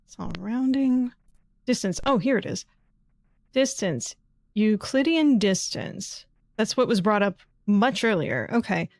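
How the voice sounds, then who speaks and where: A woman's voice: medium pitch, expressive, unhurried, no room sound. Woman muttering through a puzzle game. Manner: muttering, thinking aloud, swears when frustrated. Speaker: streamer. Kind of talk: casual live game commentary.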